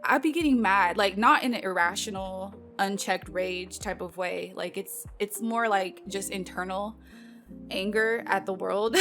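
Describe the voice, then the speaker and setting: A chatty woman vlogger runs through a haul of nail supplies in loose, filler-heavy talk, peppered with playful exasperation. Her pitch sits in an ordinary middle range. Soft music plays faintly underneath. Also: normal speed. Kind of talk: casual product unboxing chat.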